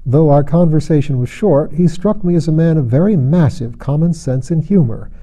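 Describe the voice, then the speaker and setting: Male audiobook narrator, measured and dry, very mellow dark timbre. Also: on the high side.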